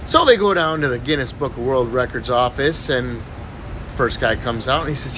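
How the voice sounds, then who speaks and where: A man casually telling jokes, animated and acting out the characters. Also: medium pitch, normal speed, a little hiss or hum, poor audio. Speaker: joke teller.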